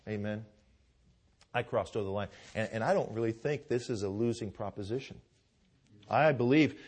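A man preaches a sermon in a church with a plain, mid-pitched voice. He is fervent and conversational, tells stories with restarts and repeated words, and keeps asking his congregation "Amen?". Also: a little mellow. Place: church with pews.

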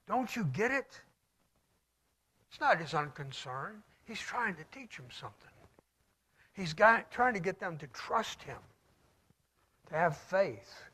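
A man preaching a sermon, reading scripture slowly and solemnly and swinging between loud declaiming and hushed near-whispers. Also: high voice, very animated, slightly rough.

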